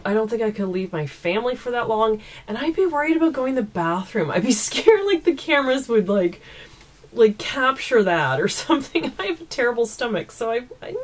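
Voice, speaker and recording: A woman from East Coast Canada, chatting casually and giggling as she answers viewer questions at home into a camera mic. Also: medium pitch. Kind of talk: casual Q&A chat.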